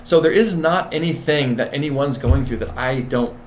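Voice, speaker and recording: A man's voice: mid-range voice, normal speed, slight background noise. Emphatic man, manager and coach. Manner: emphatic and repetitive. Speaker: nurse manager and executive coach. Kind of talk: interview.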